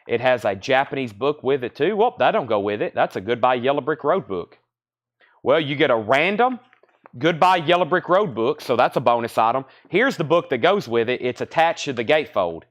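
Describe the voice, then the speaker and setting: A man with a Southern American accent hosts a live vinyl auction stream, calling out record titles, bids and prices one after another. He breaks off into easygoing asides, and his voice sits at an ordinary middle pitch. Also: lively intonation, moderate pace. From Southern United States. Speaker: host of a live record sale. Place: record shop.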